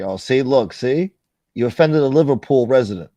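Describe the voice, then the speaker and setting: Mellow-voiced joking male host. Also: mid-range voice, animated, normal speed, no room sound, muffled recording. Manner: joking, greets viewers by name. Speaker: host reading live chat. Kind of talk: casual live-stream chat.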